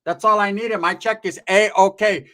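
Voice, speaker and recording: A man's voice: high-pitched, fairly even intonation, measured pace, voice pushed up. A man voicing a bossy, foul-mouthed middle-aged aunt who nags and makes demands. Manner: loud, nagging, demanding.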